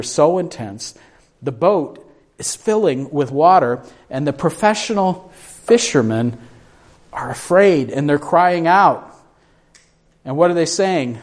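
A man's voice: fairly high pitch, animated, slow. A man preaching a sermon, putting questions to his congregation and acting out the voices in the story as he goes. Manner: asks the congregation questions, acts out quoted voices; shifts between hushed and raised delivery. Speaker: pastor.

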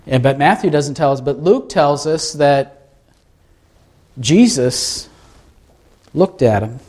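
A man's voice: on the high side, expressive, takes it slowly, darkish tone. A man preaching a sermon in a conversational way, asking his listeners rhetorical questions. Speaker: pastor.

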